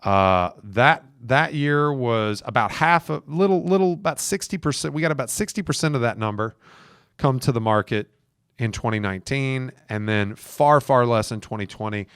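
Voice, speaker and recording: A man's voice: medium pitch, normal speed, a bit bright, clean tone, no echo, studio quality. A man hosting a podcast, coaching real estate agents in a casual, emphatic way. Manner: emphatic, coaching listeners directly. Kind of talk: casual advice talk.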